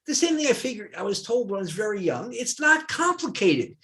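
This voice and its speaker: A man's voice: high-pitched, brisk, slight background noise. An older man from New Jersey, a retired professor, telling personal anecdotes in a dialogue as a guest. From New Jersey, USA. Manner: animated anecdotal storyteller. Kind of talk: storytelling in a dialogue.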